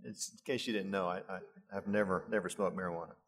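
A man's voice: low voice, fairly even intonation, quick pace. A middle-aged male pastor preaching a sermon, lifting his voice for emphasis and adding chuckling asides.

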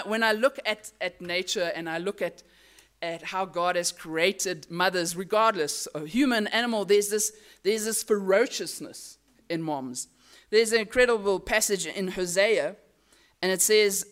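A woman preaching a Mother's Day sermon at a church service, talking over slides in a conversational way with frequent restarts. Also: medium pitch.

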